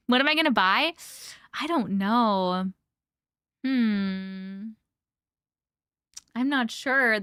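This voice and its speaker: A woman's voice: medium pitch, sharp tone, clean tone, no room sound, studio quality. A woman hosting a livestream, chatting casually with viewers, greeting them by name and laughing often. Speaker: livestream host.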